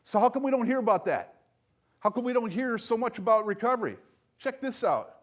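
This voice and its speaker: An older man giving a motivational speech, emphatic, with loud punchy lines that drop to soft, low asides. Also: animated, brisk. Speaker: speaker at a recovery event.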